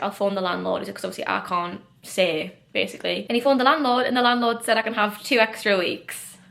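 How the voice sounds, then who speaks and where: A woman in her twenties chatting casually to camera in a vlog, animated and chatty as she tells stories with laughs. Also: mid-range voice, creaky. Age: 20s. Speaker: vlogger. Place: out and about, shops and street.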